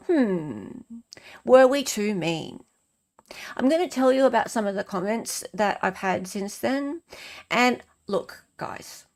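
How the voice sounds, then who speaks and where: Aussie woman chatting on her stream, bit of vocal fry, greeting chat and reading comments. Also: medium pitch. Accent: Australian. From Australia. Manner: chatty, reads viewer comments aloud and greets them. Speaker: livestream host.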